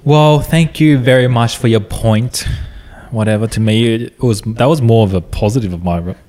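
A man's voice: medium pitch, normal speed, dark tone. A young man in casual couple chat, arguing his side with self-mocking humor. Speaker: vlogger.

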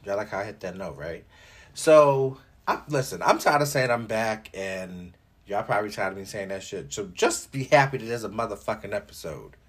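Lively, husky-voiced young man hosting a podcast. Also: lowish voice, normal speed. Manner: animated and joking, with frequent profanity and filler likes. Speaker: podcast host. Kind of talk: casual solo podcast chat.

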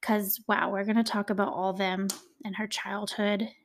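A woman's voice: mid-range voice, little pitch movement, normal speed. A woman hosting a true crime podcast, telling the case in a chatty, conversational way with dramatic emphasis. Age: adult, a parent. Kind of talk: casual true-crime storytelling.

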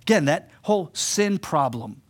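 A middle-aged man preaching with lots of energy, his voice sitting a little high for a man. He swings from loud, driving emphasis down to quiet, tender stretches. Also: moderate pace. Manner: animated preaching, voicing quoted speakers, drops to soft emphasis. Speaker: pastor. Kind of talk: sermon.

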